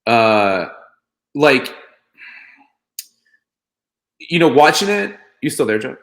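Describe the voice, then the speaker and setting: Lively, hesitant man telling a story. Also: medium pitch, slow pace, echoey room. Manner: hesitant, filler-heavy, animated storytelling. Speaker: guest comedian. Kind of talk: casual chat.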